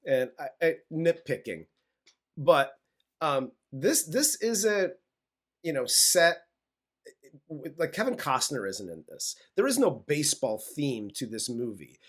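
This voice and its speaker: A man's voice: a little high, big pitch swings, slow. A man co-hosting a movie review podcast, casually recapping the plot, loose and profane, laughing often.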